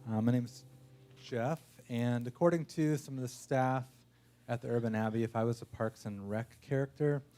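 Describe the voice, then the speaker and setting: A man's voice: medium pitch, normal speed, mellow. A man introducing himself as a guest speaker at a church, hesitant and self-deprecating, with many fillers. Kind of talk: church reflection.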